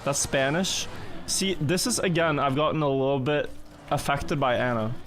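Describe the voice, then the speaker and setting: A man's voice: mid-range voice, normal speed, fairly bright tone, a little hiss or hum. A young man chatting casually with his viewers during a live game stream, rambling and joking as he thinks aloud. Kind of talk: casual live-stream chat while gaming.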